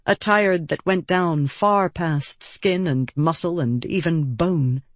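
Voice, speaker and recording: A woman reading an audiobook in calm, measured scripted narration. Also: on the low side, dry recording.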